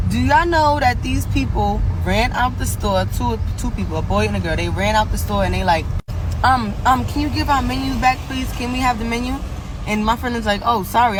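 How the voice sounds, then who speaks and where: An indignant woman speaks casually into her phone camera and acts out each exchange as she retells it. Her voice is pitched in the middle, with a faint noise underneath. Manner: animated, indignant retelling with quoted dialogue. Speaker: customer telling a salon story.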